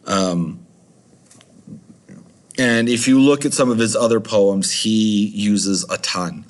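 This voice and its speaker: A man's voice: on the low side, slow pace. A man teaching a recorded video lesson, chatty and rambling with many fillers.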